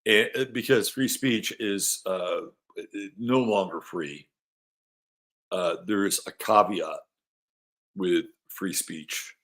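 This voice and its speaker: A man with a fairly low voice hosts an astrology show in a loose, casual way. He rambles and repeats phrases as he thinks aloud. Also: takes it slowly. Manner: rambling, chatty, repeats himself; coos softly to his dog. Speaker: astrology podcast host.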